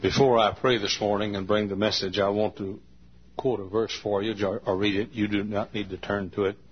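A man's voice: on the low side, slight background noise. Folksy preacher man, lo-fi church recording. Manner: folksy storytelling, slow emphatic phrasing. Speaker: pastor. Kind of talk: sermon. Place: large church.

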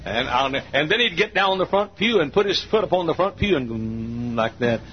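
Older preacher, folksy and fervent. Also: male voice, a little high, expressive, moderate pace, background noise. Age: 60s. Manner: folksy storytelling that swells into fervent near-shouting. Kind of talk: sermon. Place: church. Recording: dull lo-fi sermon recording.

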